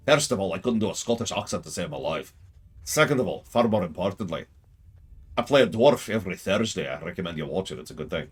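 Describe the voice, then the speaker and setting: A man's voice: sits low, expressive, quick pace, slightly rough. A man streaming a strategy game with casual, joking commentary, sarcastically talking back to the characters on screen.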